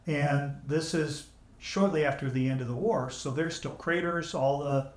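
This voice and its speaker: A man's voice: a little high, steady tone. Man telling war stories in an echoey room. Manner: measured, vivid anecdotes with dry humor. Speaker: podcast guest, veteran. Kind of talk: conversational storytelling. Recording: echoey, AI-restored audio.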